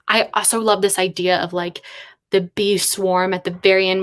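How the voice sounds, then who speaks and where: Casual streamer, young woman, muses aloud, bursts of excitement, chatty. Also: on the low side. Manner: musing, excitable, thinking aloud. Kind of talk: casual livestream brainstorming.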